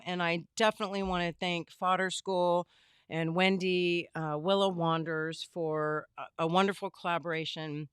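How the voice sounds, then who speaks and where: A bubbly middle-aged woman greets her livestream viewers one by one from her home craft studio, her voice slightly hoarse. Her tone stays smooth and resonant despite the strain. The sound is dry and close, with no room echo. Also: fairly low pitch, a bit bright. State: losing her voice. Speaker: livestream host. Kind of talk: casual livestream chat.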